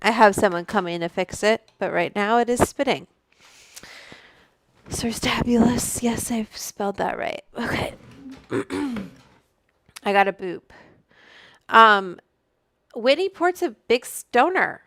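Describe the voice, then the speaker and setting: A woman's voice: a little high, lively intonation, slow, pauses often, fairly bright tone, no room sound. A woman hosting a casual livestream from home, chatting in a rambling way, reading out viewer names and swearing freely into a studio microphone. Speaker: livestream host. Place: room at home.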